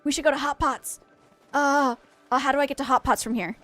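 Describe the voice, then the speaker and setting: A young woman from Maine chats away with her viewers while she plays. Her voice sits high, and she rambles eagerly from one thing to the next, often losing her train of thought. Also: a little fast, no echo, soft background music. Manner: chatty, excitable, easily distracted, rambling. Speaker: game streamer. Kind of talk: casual livestream chat with viewers.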